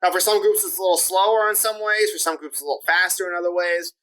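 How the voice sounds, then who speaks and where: Bright-voiced man explaining, full of fillers. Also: high-pitched, steady tone, fast, low-quality recording. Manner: talkative, leans on "like" and "you know" fillers; lays out points step by step with rhetorical questions. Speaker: podcast guest discussing immigration. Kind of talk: casual explanatory interview talk.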